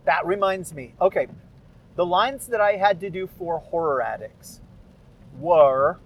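A man's voice: a little high, low-quality recording. A man talking casually about his narration work, rambling with self-deprecating asides. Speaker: podcast narrator of public domain stories. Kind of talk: casual chat after a reading.

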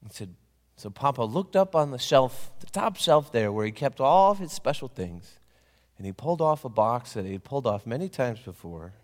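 A preacher telling a story from the pulpit, his mid-pitched voice rising and falling very freely. He poses questions and drops to hushed asides, and each phrase lingers in the long reverb of a church. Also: lively intonation, moderate pace. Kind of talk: storytelling sermon.

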